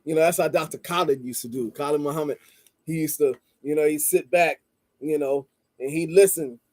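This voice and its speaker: A man tells a story in a calm, rambling monologue, leaning on "you know" and trailing off into "blah, blah". His voice sits a little high but sounds mellow and warm. The recording is dry and close. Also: dry recording. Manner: calm and measured, stresses listening before responding. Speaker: channel host and street vendor.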